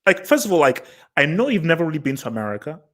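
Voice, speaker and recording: A man from Nigeria, hosting a live panel chat in a rambling way full of fillers and quick laughs. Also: a little high, sing-song, fairly bright tone, low-quality recording. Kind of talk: casual panel discussion.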